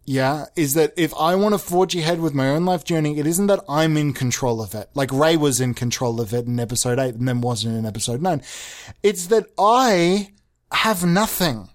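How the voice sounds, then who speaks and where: A man's voice: medium pitch, brisk, few pauses, darkish tone. A man hosting a comedy show, rambling in a mock-pompous way and swearing now and then.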